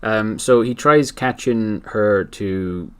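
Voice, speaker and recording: A man's voice: fairly low pitch, takes it slowly, fairly bright tone, clean tone. A man hosting a casual podcast, animatedly retelling a story and laughing often. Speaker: podcast host.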